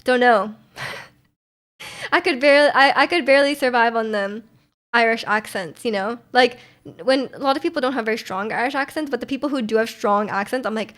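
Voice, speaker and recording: Young woman, livestreamer, casual rambling chat, frequent laughs, fairly high voice, home desk mic. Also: normal speed, a bit bright. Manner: rambling and chatty, laughs often, answers chat.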